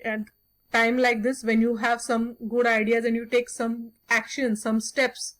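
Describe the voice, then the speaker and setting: A woman's voice: on the high side, little pitch movement, measured pace. A woman teacher explaining a story to a class, repeating "okay" often.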